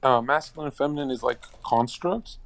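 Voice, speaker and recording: A man's voice: medium pitch, brisk, gravelly, a bit bright. A man calling in to a casual chat, provocative and crude, laughing at his own bits. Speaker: caller.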